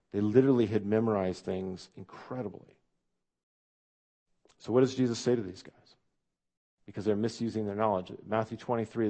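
A male pastor delivers a conversational sermon in a low, gravelly voice with a dark, mellow tone. He keeps turning to the congregation with direct questions.

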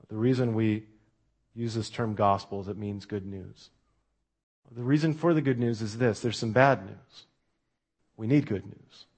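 A man preaching a sermon, talking through a scripture story in a conversational way and dropping to a hush when he quotes. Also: medium pitch. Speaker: pastor.

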